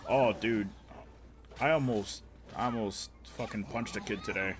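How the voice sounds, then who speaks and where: Casting: young male streamer, lowish voice, crude and blunt, acts out the people in his stories. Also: unhurried. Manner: blunt, heavily profane, animated retelling with voiced quotes. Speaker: live streamer. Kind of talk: casual storytelling while gaming.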